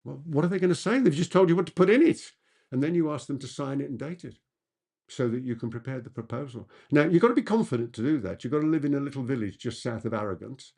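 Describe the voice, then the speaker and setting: Gravelly, emphatic man coaching. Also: medium pitch, expressive, quick pace, darkish tone. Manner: emphatic, repeats key points for effect. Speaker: business coach answering audience questions. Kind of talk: masterclass Q&A talk.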